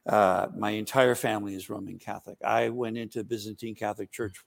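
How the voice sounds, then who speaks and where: Gravelly-voiced priest explaining at length. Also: male voice, lowish voice, fairly even intonation, fairly quick. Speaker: Byzantine Catholic priest. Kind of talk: explanatory interview answers.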